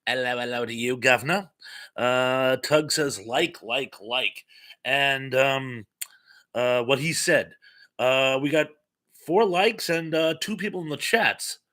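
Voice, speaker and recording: A man's voice: medium pitch, slow pace, bright, forceful tone. A man hosting a casual live stream, greeting viewers and reading their comments aloud in a rambling, chatty way with many fillers and playful asides. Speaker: livestream host. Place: home room with some echo. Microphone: streaming mic without headphones.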